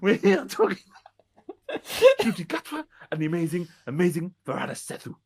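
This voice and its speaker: A man's voice: high voice, wildly swooping pitch, normal speed, slightly rough, exaggerated voice. A man putting on a gushing middle-aged TV producer, attempting a Welsh accent and hamming it up as an enthusiastic fan greeter. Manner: over-the-top enthusiastic, playfully bad impression. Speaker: podcast co-host.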